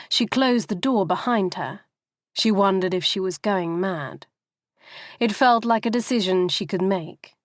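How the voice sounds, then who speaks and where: A woman narrating a novel in a steady, even storytelling manner, close to the microphone. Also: medium pitch, no room sound. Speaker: audiobook narrator.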